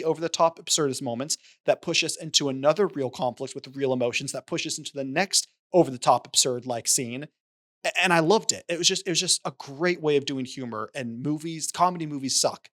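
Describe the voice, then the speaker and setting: A man co-hosting a podcast, talking casually about a film and acting out lines from its scenes. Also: fairly high pitch. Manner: animated, retells scenes with quoted lines. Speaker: podcast co-host.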